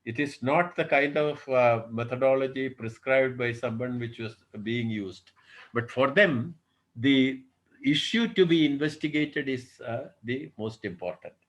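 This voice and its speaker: A man's voice: medium pitch, measured pace, rough recording. A man giving an online lecture as a professor, thinking aloud with many fillers and posing rhetorical questions. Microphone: video call.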